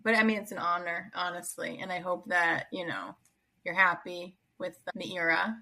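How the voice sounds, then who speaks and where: Bright, husky-voiced woman guest. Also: lowish voice, normal speed, poor audio. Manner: chatty, many "like" and "you know" fillers. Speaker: Jewish educator, podcast guest. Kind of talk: casual podcast interview.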